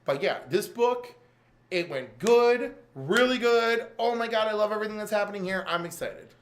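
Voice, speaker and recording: High-voiced, gushing man. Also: normal speed, a little hiss or hum. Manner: animated and gushing. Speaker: podcast co-host. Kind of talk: casual chat.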